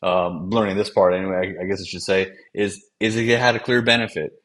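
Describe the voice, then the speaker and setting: Deep low-voiced guy in his 40s, ad writer chatting to cam, kinda all over the place. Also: steady tone, a little fast, fairly bright tone. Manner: rambling, jumps between thoughts. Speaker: advertising copywriter and channel host. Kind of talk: casual talk to camera.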